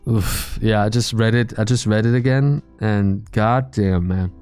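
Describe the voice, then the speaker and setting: A man's voice: lowish voice, fairly even intonation, measured pace, darkish tone, clear, resonant tone, no echo, faint music behind. A man streaming live and chatting casually with his viewers, blunt and full of swearing as he rambles.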